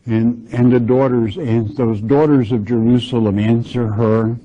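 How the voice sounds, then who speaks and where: A man's voice: medium pitch, steady tone, a little slow, hardly any pauses. A man teaching verse by verse through a Bible passage, reading scripture aloud and then explaining it plainly. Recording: dull lo-fi recording.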